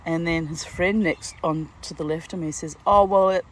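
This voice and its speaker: A woman's voice: low voice, fairly even intonation, moderate pace, low-quality recording. A woman in her sixties from Australia, telling a rambling personal story at home, full of asides and laughs. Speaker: vlogger. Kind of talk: casual storytelling monologue. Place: at home near a garden.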